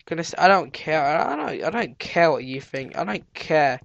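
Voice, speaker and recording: A teenage boy with a cold and sore throat, doing let's play commentary as a gaming channel host, excitable and yelping at discoveries. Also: on the high side, normal speed, gravelly, no room sound, muffled recording. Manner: excitable, yelps and squeals at discoveries, chatters to animals.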